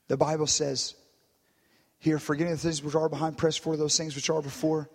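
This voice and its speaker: A man preaching a sermon, dropping to quiet, low stretches and rising to shouted climaxes, with "hallelujah" and "glory to God" between lines. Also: fairly even intonation, a little fast. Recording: long reverb of a church hall.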